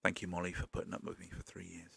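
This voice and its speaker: A man's voice: low-pitched, completely flat delivery, very fast, gravelly, sharp tone, slightly rough, dry recording. A man, an English paramedic, chatting casually and self-deprecatingly in a podcast interview, full of dad jokes. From England. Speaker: paramedic guest.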